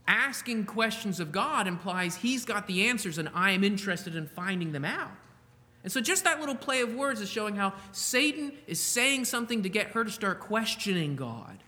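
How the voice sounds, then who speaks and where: A man preaching a sermon, slowing down to stress quoted words and asking the listeners rhetorical questions. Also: high-pitched, sharp tone, long reverb tail. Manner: slow, emphatic delivery with rhetorical questions. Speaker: pastor.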